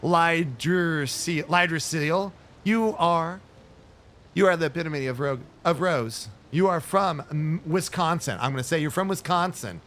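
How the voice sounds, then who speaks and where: A man streaming a game, giving excitable, jokey running commentary in casual chat. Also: fairly high pitch, unhurried.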